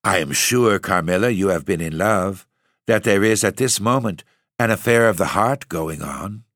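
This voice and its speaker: A caring, earnest young lady speaking gently, read by a man in his own deep voice. The sound is dry and close-miked. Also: normal speed, no echo. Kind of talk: audiobook reading.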